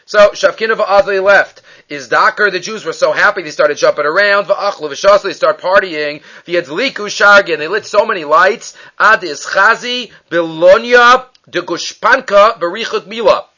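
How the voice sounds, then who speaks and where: A man teaching a Talmud lesson, reading Aramaic lines aloud and translating them into English with animated storytelling. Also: high voice, moderate pace, hardly any pauses. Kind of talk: daily page study lesson. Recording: dull lo-fi recording.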